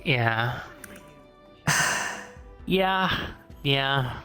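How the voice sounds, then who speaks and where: A woman playing Sylvie, a calm, friendly female adventurer, speaking slowly and relaxed in an in-character role-play. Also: a bass voice, faint music behind, exaggerated voice. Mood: easygoing. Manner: slow, relaxed, laughing. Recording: roomy echo.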